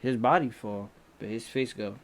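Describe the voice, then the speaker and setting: A man telling a story in casual storytime narration, animated, with loud yells and sound effects. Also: medium pitch, normal speed. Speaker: storyteller, channel host.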